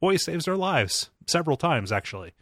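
A man hosts a casual book-discussion podcast, rambling through long explanations packed with fillers. His voice is fairly high and sing-song, at a moderate pace and a bit bright, in a dry, clean studio recording.

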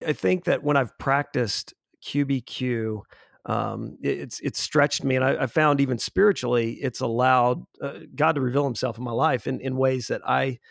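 A man in his forties, telling a personal story as an interview guest in an earnest, halting way with restarts. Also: mid-range voice, fairly even intonation, gravelly, no echo, studio quality. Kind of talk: conversational storytelling.

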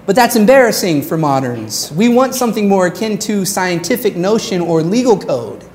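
A woman pastor preaching a sermon in an earnest way, slowing down on her key phrases. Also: medium pitch, big pitch swings, darkish tone, a little hiss or hum.

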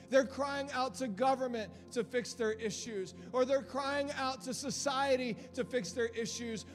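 A man preaching a sermon with impassioned delivery, repeating phrases as he builds from quiet to loud. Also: very high-pitched. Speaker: pastor. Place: church hall. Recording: long hall reverb with faint music.

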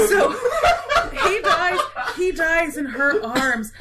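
A woman co-hosting a podcast, casually retelling a play with playful quick mock voices. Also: very high voice, lively intonation, heavy background noise.

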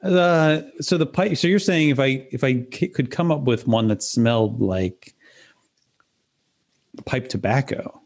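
Guy co-hosting a chat, teasing, jumps in quick, average pitch. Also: darkish tone. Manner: chatty, quick interjections, teasing. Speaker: podcast co-host. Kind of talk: casual chat.

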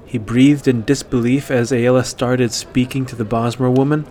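A man narrating a fantasy story in a steady, even reading voice. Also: medium pitch, normal speed.

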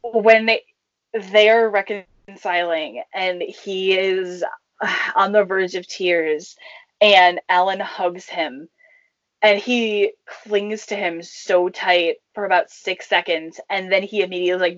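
A young woman chatting casually about a movie in a thoughtful, measured way. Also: mid-range voice, steady tone, no room sound. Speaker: co-host discussing a movie. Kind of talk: casual chat. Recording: dry, dull lo-fi sound.

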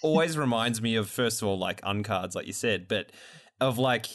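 A man's voice: lowish voice, expressive, normal speed, fairly bright tone. A man hosting a casual podcast chat, rambling with frequent restarts and fillers. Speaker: podcast host.

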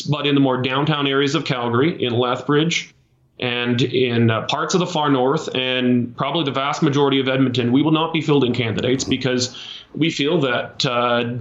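A Canadian man leading a small political party, answering interview questions in a measured way with many fillers and restarts. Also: medium pitch, a bit bright, echoey room, dull audio.

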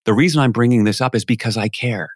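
A man's voice: medium pitch, fast, no echo, clean studio sound. A man, a podcast guest, telling a story in a conversational way and acting out the voices of the people he quotes. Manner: animated, acts out quoted voices.

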